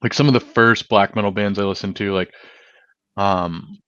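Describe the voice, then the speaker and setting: A male musician guest in a casual interview, speaking in a relaxed way full of "like" and "um". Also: lowish voice, moderate pace, clean tone, dull audio. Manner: relaxed, lots of "like" and "um" fillers.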